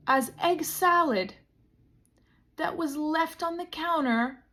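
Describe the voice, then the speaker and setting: Young female vlogger, high-pitched, slow, theatrical comic delivery. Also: fairly bright tone. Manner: dramatic comic storytelling with mock-grand emphasis. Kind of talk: casual storytelling chat.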